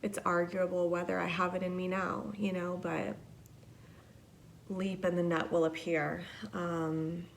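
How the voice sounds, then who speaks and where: A woman's voice: lowish voice, little pitch movement, measured pace, creaky, slight background noise. A young woman hosting a podcast alone, telling a story in a chatty, casual way, swearing and saying "like" a lot. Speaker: podcast host.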